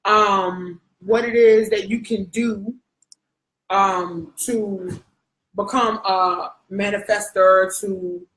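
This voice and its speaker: A woman's voice: medium pitch, steady tone, drawn-out words, fairly bright tone, roomy sound. A woman from Brooklyn, co-hosting a casual, profane and playful live chat, often laughing. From Brooklyn, New York. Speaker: co-host.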